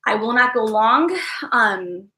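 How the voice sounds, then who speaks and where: A woman's voice: a little high, lively intonation, slow, sharp tone, echoey room. A woman hosting a casual live stream from an upstairs room at home, chatty and apologetic, often calling her viewers "guys".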